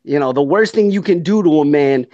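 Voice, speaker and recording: A man's voice: a little high, animated, a little fast, dark tone, no room sound. Earnest man in his thirties, dry lo-fi sound. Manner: earnest, reflective, laughs along. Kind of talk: casual chat.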